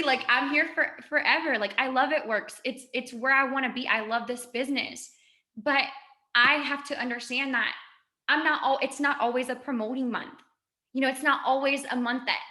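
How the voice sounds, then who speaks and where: A woman's voice: sits high, pushed and bright. A woman in her twenties giving an emotional, chatty motivational talk on a video call. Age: 20s. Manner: gushing, emotional, fast and chatty. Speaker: guest speaker.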